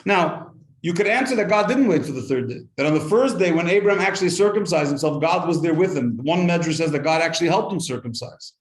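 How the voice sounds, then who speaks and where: A rabbi delivers an animated Torah class to a live audience at a fast clip, barely pausing, with a fairly high pitch. He tells stories, asks rhetorical questions and translates Hebrew quotes, all in a reverberant setting.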